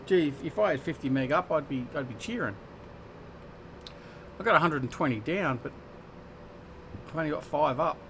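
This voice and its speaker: A man's voice: fairly high pitch, animated, normal speed, pauses often, a bit bright, a little hiss or hum. Chatty Australian man streaming a farm game. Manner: chatty and joking, reading out chat and answering viewers. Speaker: live-stream host. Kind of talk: casual live-stream chat while gaming.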